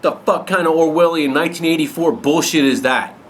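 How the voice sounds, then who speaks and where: A man's voice: a little high, steady tone, fairly quick, fairly bright tone, a little hiss or hum. A man ranting angrily and bluntly to camera, swearing heavily as he talks to his viewers. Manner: angry, blunt, heavy swearing. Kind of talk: angry profane rant to camera.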